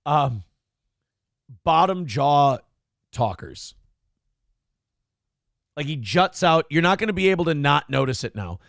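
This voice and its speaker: A man's voice: a little high, animated, normal speed, creaky, no echo, studio quality. A man co-hosting a morning show, in casual comedic commentary, crude and mocking. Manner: crude, mocking, jumps into loud impressions.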